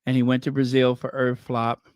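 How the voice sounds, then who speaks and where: A man's voice: mid-range voice, monotone, moderate pace, smooth, no echo, lo-fi sound. A man doing casual commentary, sarcastic and chatty, tossing out rhetorical questions and wry asides. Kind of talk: casual chat.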